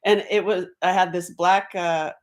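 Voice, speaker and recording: Lady rambling on her livestream, lowish voice, laughs a lot, says hi to viewers as they pop in. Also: fairly even intonation, unhurried. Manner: chatty, laughing, greets viewers by name, jumps between topics. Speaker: livestream host. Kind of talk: casual livestream chat with viewers.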